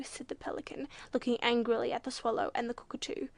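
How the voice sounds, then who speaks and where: High-voiced woman reading a storybook. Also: a little fast, vocal fry, hardly any pauses, dry recording, in a whisper. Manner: lively, shifts pitch for quoted animals. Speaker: audiobook narrator. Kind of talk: storybook narration with character voices.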